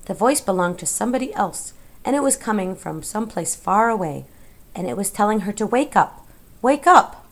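A woman narrating a children's novel as an audiobook in a measured, expressive way. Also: mid-range voice. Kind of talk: scripted storybook narration.

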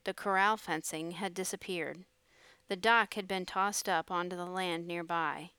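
A woman narrates an audiobook in a steady, measured manner. Her voice is low and smooth. The recording is close and completely dry. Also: no room sound.

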